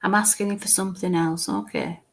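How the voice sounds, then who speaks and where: Giving a live mediumship reading, a woman talks in a lowish voice. Her words come haltingly and repeat as she describes what she sees, occasionally trailing off into a murmur.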